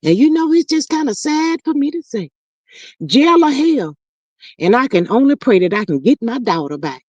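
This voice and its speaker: A woman's voice: sits high, sing-song, normal speed, darkish tone, dry recording, dull audio. A woman voicing a preachy, heartbroken older mother who sighs and calls listeners honey and child.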